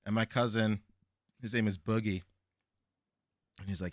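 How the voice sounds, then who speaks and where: A Filipino American man hosting a podcast, telling stories in an animated way with frequent laughs. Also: fairly low pitch, normal speed, pauses often, no room sound, studio quality. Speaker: podcast host. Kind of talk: casual chat.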